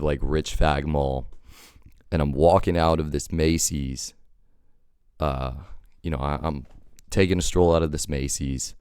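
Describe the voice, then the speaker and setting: A man with an extremely deep, smooth voice tells a rambling, wry story, filling it with "like" and "you know." He is sick, and it comes across as close and dry. It sounds like a casual storytime vlog. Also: darkish tone, dry recording. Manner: rambling, filler-heavy, wry. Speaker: storytelling vlogger.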